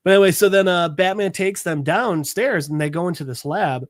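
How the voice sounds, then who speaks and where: A man's voice: high voice, fairly quick, no echo, studio quality. Rambling man recapping a comic. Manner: rambling, filler-heavy storytelling. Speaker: podcast host. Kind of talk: casual comic book recap.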